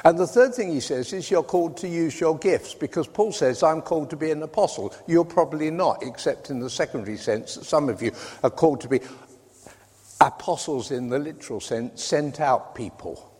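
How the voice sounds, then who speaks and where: A man's voice: a little high, expressive, moderate pace, darkish tone, breathy edge. A man from Britain preaching a sermon in a conversational way, with wry asides. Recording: reverberant hall.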